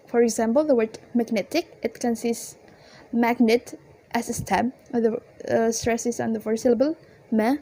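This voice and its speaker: A woman's voice: a little high, mellow, poor audio. A young woman student explaining a lesson, a little hesitant with fillers and restarts. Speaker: student presenter. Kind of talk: reading class presentation.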